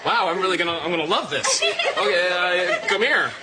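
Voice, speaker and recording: A stammering, flustered husband. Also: male voice, high voice, sing-song, a little fast, heavy background noise. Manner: stammering, hesitant. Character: flustered, eager husband caught off guard. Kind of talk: TV sketch comedy acting. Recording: TV sketch with loud studio audience laughter.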